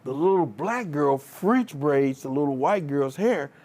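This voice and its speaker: A man giving a motivational talk to a live audience, telling stories from his coaching days in an animated way and laughing along with them. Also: a little high, a little slow. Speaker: keynote speaker, former track coach. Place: live event before an audience.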